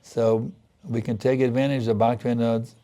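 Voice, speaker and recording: A man's voice: medium pitch, little pitch movement, a little fast, dark tone. A man giving a spiritual sermon, telling a story and acting out earnest, pleading prayers. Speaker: spiritual teacher.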